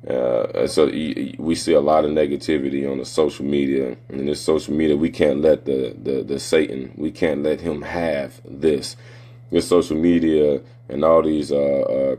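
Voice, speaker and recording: A man's voice: extremely low pitch, darkish tone. A middle-aged man, talking loosely and casually, full of slang and fillers, giving religious life advice. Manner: street slang, loose and conversational, many fillers. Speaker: Muslim speaker giving advice. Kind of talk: casual motivational talk.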